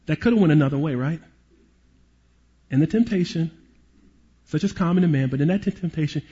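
A man preaching a sermon as a pastor and police chaplain, an animated storyteller who drops to hushed tones at emotional moments. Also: a little high, husky, lo-fi sound.

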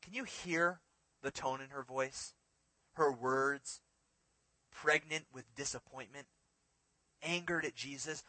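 A man preaching a sermon, swinging between emphatic raised lines and hushed quiet ones as he reads and explains scripture. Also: medium pitch, slow pace, long pauses, no echo, rough recording. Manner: expressive, rising to emphatic peaks and dropping to hushed lines.

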